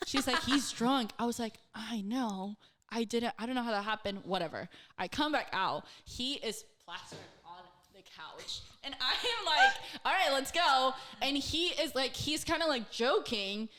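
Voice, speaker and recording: Young woman, podcast co-host, bright voice, slightly high, lively casual storytelling, loads of fillers, swears freely. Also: moderate pace.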